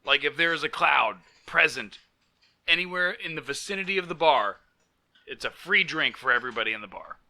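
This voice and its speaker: Male podcast co-host, very bright tone, jokey storyteller who laughs often. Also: a little high, animated, a little fast. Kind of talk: casual chat and reading a mock news story. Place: living in Florida.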